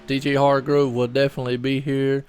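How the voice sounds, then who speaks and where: A man's voice: mid-range voice, little pitch movement, fairly quick, darkish tone, clear, resonant tone, no echo. A middle-aged man, doing solo live commentary on a sim race and chatting loosely with viewers. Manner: chatty, rambling, talks to chat viewers.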